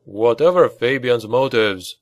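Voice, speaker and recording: A man playing a proud, composed male baron who leads knights, speaking with steady, commanding authority. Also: medium pitch, unhurried, dry recording, lightly acted. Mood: resolute.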